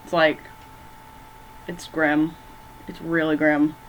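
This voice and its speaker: Low-pitched and flat, she takes it slowly on a low-quality recording with a little hiss or hum. This movie vlogger ranks horror movies from her bedroom in a rambling, casual way, packed with fillers and stumbles over names.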